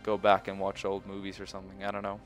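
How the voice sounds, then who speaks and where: Sweary gamer, lowish voice. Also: male voice, completely flat delivery, fast talker, soft background music. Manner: swears often, frustrated outbursts, rambling. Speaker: let's play host. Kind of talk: gaming commentary.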